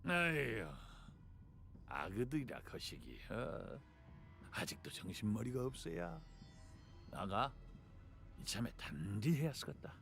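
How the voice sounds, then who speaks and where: Grizzled old game character, southern Korean dialect, rapid-fire patter, swooping intonation, folksy scolding. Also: male voice, mid-range voice, gravelly, soft background music. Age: older. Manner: folksy, scolding, lively drawl. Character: gruff older man with country drawl. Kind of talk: game voice acting.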